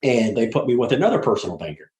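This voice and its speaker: A man's voice: mid-range voice, fast talker. A middle-aged man, a guest on an interview, telling stories in a blunt, profane way and acting out the people he quotes. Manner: animated storyteller, blunt and profane, acts out quoted voices. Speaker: guest, apartment syndicator. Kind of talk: casual interview talk. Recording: echoey room.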